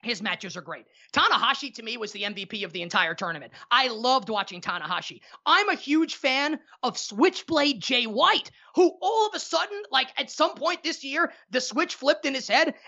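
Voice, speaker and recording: A man's voice: very high voice, lively intonation, moderate pace, hardly any pauses, sharp tone, dull audio. A man who is a podcast guest, chatting casually in a studio with rambling, boastful, joking banter. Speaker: podcast guest, sports TV personality.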